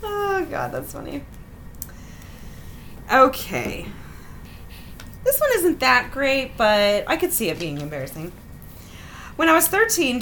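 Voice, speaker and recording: A woman in her thirties hosts a podcast and reads stories aloud in a wry, animated way, often breaking into laughter. Her voice sits fairly high and swings widely in pitch. Some faint background noise sits under her. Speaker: podcast host. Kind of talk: reading listener stories aloud with chat.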